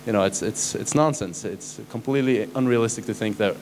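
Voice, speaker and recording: A man's voice: fairly low pitch, a little fast, darkish tone, slight background noise. A man, a doctor, giving a lecture to a live audience in a conversational way, often tossing questions and "right?" at listeners. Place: conference hall stage.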